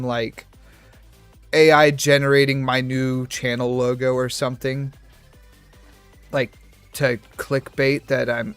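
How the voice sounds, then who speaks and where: Rambling young man streaming a game. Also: medium pitch. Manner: rambling, tangent-hopping, self-deprecating. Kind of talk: casual livestream chat while gaming.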